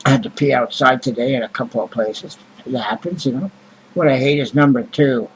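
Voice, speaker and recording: A man's voice: mid-range voice, brisk, low-quality recording. A man vlogging in a rambling, casual monologue, blunt and grumbling, with heavy swearing and many fillers.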